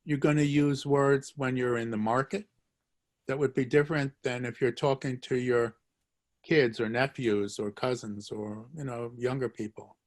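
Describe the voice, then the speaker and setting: A man's voice: mid-range voice, steady tone, normal speed. A man teaching a live online language lesson, joking, encouraging and repeating phrases for his students. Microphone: video call.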